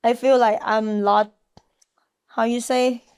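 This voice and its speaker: A woman's voice: fairly high pitch, little pitch movement, a little mellow, clear, resonant tone. Earnest woman fighter with a Thai accent. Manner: halting non-native English, earnest. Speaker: guest, MMA fighter.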